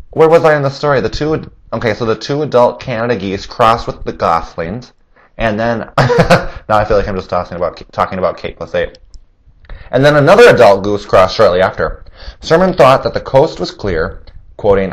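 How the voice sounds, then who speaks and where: Man, lowish voice, slightly nasal, rambling solo podcast chat. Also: lively intonation, a little fast. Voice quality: a little nasal. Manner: chatty, rambling, laughs at own jokes; acts out quoted voices in a higher pitch. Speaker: podcast host.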